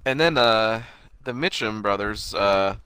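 A man's voice: on the low side, a little slow, sharp tone. A man in casual chat recapping a TV episode, swearing casually and filling in details. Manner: profane, adds details, quotes lines.

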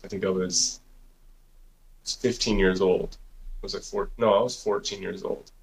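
Man, podcast co-host, low-pitched voice, casual rambling storytelling, curses, lots of fillers. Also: steady tone, a little slow, vocal fry. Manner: rambling, profane, heavy use of "like" and "dude".

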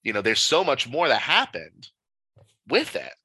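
A man, a podcast guest, telling stories from his life in a casual, animated and emphatic way. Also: mid-range voice, measured pace, slightly rough, no room sound, rough recording. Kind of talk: casual storytelling.

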